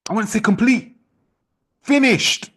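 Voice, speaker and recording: A man leading an online sales team training, talking in a forceful, repetitive, challenging way. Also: high-pitched, unhurried. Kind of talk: motivational training talk.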